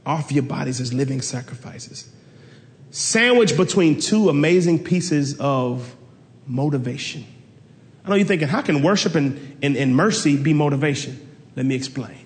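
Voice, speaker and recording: A man preaches a sermon in a fairly high voice, animated and storytelling. He jumps even higher in pitch when he quotes other people. His voice rings out with a long reverb, as in a large church. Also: moderate pace. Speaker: pastor.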